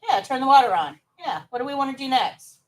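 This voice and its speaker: Female instructor, high voice, upbeat classroom teaching, mic set back from her. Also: animated, quick pace, far from the mic, low-quality recording. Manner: upbeat, coaxing students to answer. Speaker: nursing assistant instructor. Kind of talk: live classroom lesson.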